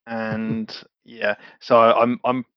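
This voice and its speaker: A man playing a tabletop game casually, halting with restarts and laughter. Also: lowish voice, monotone, clear, resonant tone, dry recording, highs cut off. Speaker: player.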